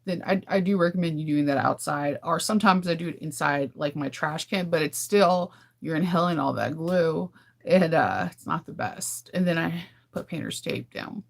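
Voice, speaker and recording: This Californian livestream host has a low, gravelly voice and speaks at a normal speed. She chats casually and openly with live viewers, often breaking into laughter.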